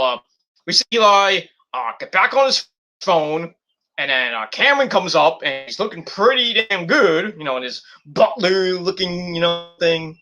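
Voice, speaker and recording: A man with a fairly high voice recaps a wrestling show for his vlog in a relaxed way, swearing liberally and acting out people's lines with lots of energy.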